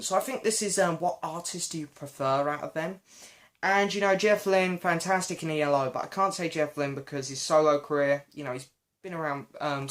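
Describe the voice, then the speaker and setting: Young man, hoarse chatty vlogger. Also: a little high, a bit bright. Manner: chatty, self-deprecating, often apologetic. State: voice going hoarse. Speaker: channel host answering viewer questions. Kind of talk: casual Q&A vlog.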